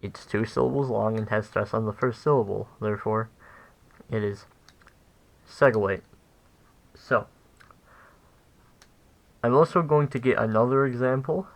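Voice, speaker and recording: A young man giving a casual language lesson, halting and full of fillers as he corrects himself. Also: mid-range voice, creaky, low-quality recording. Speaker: language teacher.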